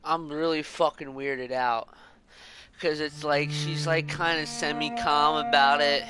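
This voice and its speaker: A man's voice: a little high, measured pace, music in the background. A man streaming a video game, reacting in rambling, profane commentary full of "like". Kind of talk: casual gameplay commentary.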